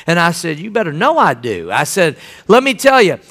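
High, bright-voiced man preaching a sermon. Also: moderate pace. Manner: animated storytelling, acting out quoted dialogue. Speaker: pastor.

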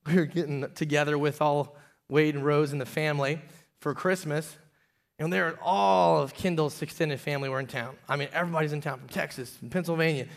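A pastor in his thirties preaches with a fairly high voice for a man, telling stories from his own life. He climbs to loud, emphatic peaks, then drops to a hushed, confessional tone. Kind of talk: sermon.

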